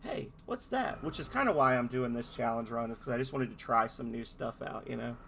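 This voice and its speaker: A man's voice: mid-range voice, steady tone, quick pace, gravelly, a bit bright, a little hiss or hum. A man giving casual, rambling commentary while playing a game, hesitant with many restarts. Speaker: gamer playing a game on stream.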